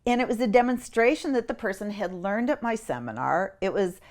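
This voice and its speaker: A middle-aged woman telling a personal story as an interview guest, animated and acting out what others said. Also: fairly quick. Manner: animated, acts out quotes with big pitch jumps.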